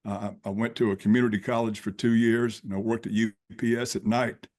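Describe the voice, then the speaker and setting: A man's voice: lowish voice, fairly quick. A man in his sixties, a podcast guest, telling his life story in a folksy, plain-spoken way and acting out the dialogue. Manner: animated storyteller who acts out dialogue. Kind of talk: personal storytelling.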